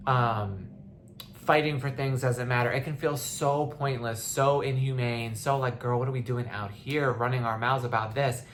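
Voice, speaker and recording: Over slight background noise, a podcast host, a young woman with a bass voice, delivers a casual monologue with passion. Her speech is full of restarts, and now and then she seems near tears.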